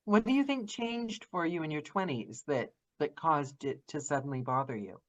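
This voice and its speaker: A woman hosting an interview podcast, enthusiastic and effusive, asking questions in quick runs. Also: low-pitched, animated. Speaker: podcast host. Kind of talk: casual interview chat.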